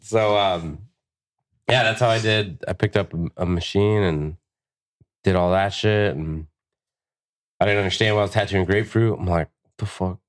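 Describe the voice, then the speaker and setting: Young guy with a low voice rambling through a story, swears constantly, acts out what everyone said. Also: moderate pace, long pauses. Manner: profane, animated storyteller who acts out quotes. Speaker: guest tattoo artist. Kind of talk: casual storytelling on a podcast.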